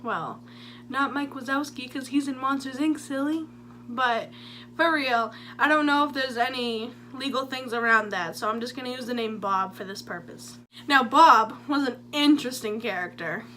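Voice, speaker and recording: Bright-voiced young woman telling stories. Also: sits high, moderate pace, a little hiss or hum. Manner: chatty, jokey, animated storytelling. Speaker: vlogger. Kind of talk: story time vlog.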